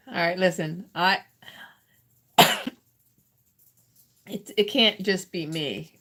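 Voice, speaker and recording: A woman's voice: lowish voice, lively intonation, extremely slow, long pauses, fairly bright tone. A woman hosting a casual livestream, reading out roast jokes from chat and laughing often. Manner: laughs often, playful and teasing. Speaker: livestream host.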